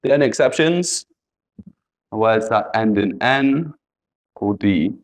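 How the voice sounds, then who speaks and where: A man's voice: on the low side, lively intonation, slow. A man teaching an English spelling lesson, patiently repeating letters and example words.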